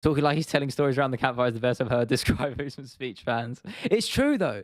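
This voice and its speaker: A man's voice: mid-range voice, animated, fast talker, hardly any pauses, no echo. Young english guy on a home livestream, rambly, laughs a lot, dry mic. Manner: rambling, restarts often, laughs easily. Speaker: livestream host. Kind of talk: casual livestream chat, reading out comments.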